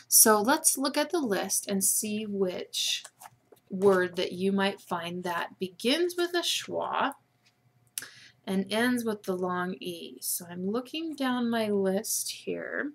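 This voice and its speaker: A woman teacher giving a patient spelling lesson to students over a webcam, slowly sounding out letters and syllables. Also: mid-range voice, animated. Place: room with a whiteboard. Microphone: webcam microphone.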